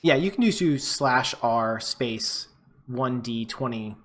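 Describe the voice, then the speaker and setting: A man's voice: medium pitch, lively intonation, takes it slowly, fairly bright tone. A man narrating as game master of a tabletop game, casual and full of fillers.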